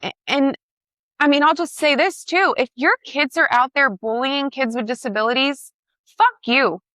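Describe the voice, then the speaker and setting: Emphatic woman with a bright voice. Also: high-pitched, normal speed, no room sound. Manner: emphatic, emotional, blunt with swearing. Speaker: guest. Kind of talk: personal storytelling in conversation.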